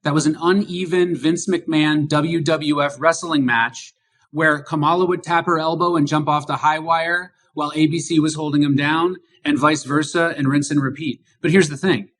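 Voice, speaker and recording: A man's voice: on the high side, fairly even intonation, normal speed, fairly bright tone. A male podcast host speaks in a slightly raised register. He drives home political commentary with emphatic rhetorical questions.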